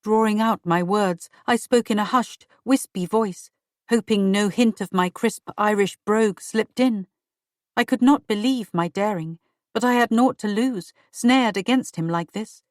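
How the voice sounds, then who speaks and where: A woman reading a first-person audiobook in slow, measured storytelling narration. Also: medium pitch, dry recording, clean studio sound.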